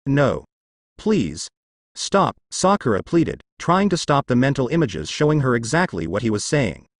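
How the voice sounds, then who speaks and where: A man's voice: medium pitch, big pitch swings, fairly quick, no echo, clean studio sound. A young man reading fan fiction aloud as narrator, telling the story expressively.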